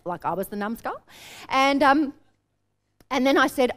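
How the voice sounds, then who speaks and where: Brisk Australian woman coaching a workshop. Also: on the high side. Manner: energetic, direct, storytelling. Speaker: business coach. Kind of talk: workshop teaching. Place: seminar room with an audience.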